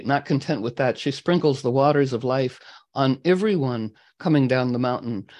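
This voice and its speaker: A man retelling a fairy tale to a group in a meandering way, often clearing his throat. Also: medium pitch, a little mellow, rough recording. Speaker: astrology talk host. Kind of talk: storytelling to a group.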